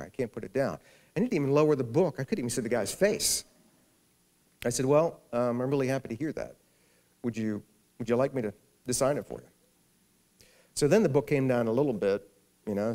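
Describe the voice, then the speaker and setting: At a library event, the featured author, a middle-aged man, tells a funny anecdote to a live audience in an event hall, acting out the people in it. His voice is medium-pitched with a darkish tone.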